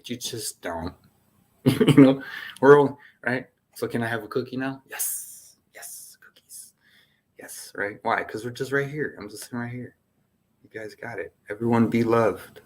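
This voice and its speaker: A man's voice: medium pitch, measured pace. Man, spiritual session host; loose, playful, wandering delivery with frequent laughs. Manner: playful, laughs often, jumps between topics. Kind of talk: casual rambling spiritual talk.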